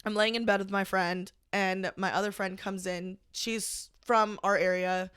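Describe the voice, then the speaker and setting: A young woman, a podcast guest, recounting a personal story in casual conversation, halting and full of "like". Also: medium pitch, steady tone, a bit bright, smooth, dry recording, studio quality. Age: young adult. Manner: halting, heavy use of "like", emotional retelling.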